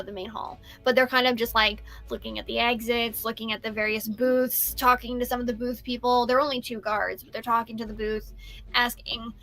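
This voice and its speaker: A young woman narrating as game master of a tabletop game, lively and playful, acting out side characters. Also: fairly high pitch, brisk, faint music behind.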